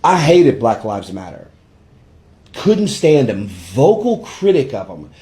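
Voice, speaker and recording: A man's voice: mid-range voice, sing-song, slow, mellow. A man telling a personal story in an earnest way and acting out a coworker's lines. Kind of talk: personal story told on camera.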